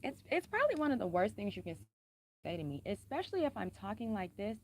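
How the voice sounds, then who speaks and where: A woman's voice: fast, slight background noise. Blunt, cussing woman speaking pointedly. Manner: blunt, cusses freely, speaks pointedly with emphatic repetition; says she is a singer who keeps her voice calm and low-key. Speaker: vlogger. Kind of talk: casual personal talk to camera.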